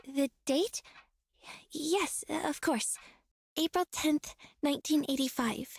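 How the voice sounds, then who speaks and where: A woman's voice: high voice, takes it slowly, creaky, no room sound, clean studio sound, exaggerated voice. A woman voicing a young flower shop owner in a game, hesitant and stammering.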